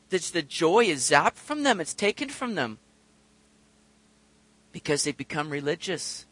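Male pastor, sermon, animated, acts out voices, high bright tone. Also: no echo. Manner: animated, acts out quoted voices, addresses congregation directly.

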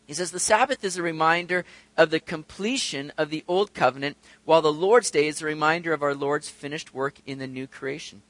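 High, bright-voiced man preaching a sermon. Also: no room sound. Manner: conversational preaching with rising emphatic peaks. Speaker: pastor.

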